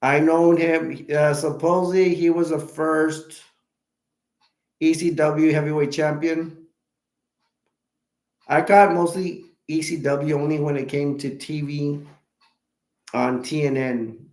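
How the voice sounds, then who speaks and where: A man hosting a live stream, chatting in a halting, rambling way with many restarts and self-corrections, with hiccups. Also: fairly high pitch, little pitch movement, a little mellow, reverberant.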